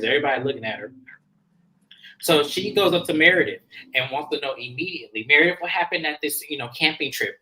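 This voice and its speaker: Bright-voiced woman hosting a reality TV recap. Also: low voice, rough recording. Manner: animated, slangy retelling with frequent laughs. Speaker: podcast host.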